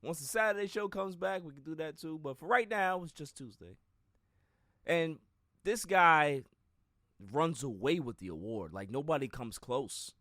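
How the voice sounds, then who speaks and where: A man hosting a sports podcast in casual talk, emphatic and animated, often repeating words as he builds a point. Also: a little high, moderate pace, no room sound. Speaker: podcast host.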